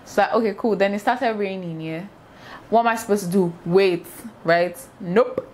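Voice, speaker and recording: Animated woman telling a story. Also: medium pitch, normal speed. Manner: animated storyteller acting out sounds and quoted voices. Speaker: vlogger. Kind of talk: casual storytime vlog.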